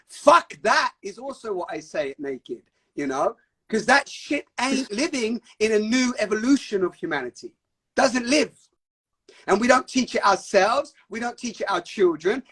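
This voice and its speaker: A man with a husky, fairly high voice hosts a live stream. He preaches with intense spiritual passion and swears for emphasis. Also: animated, unhurried, fairly bright tone.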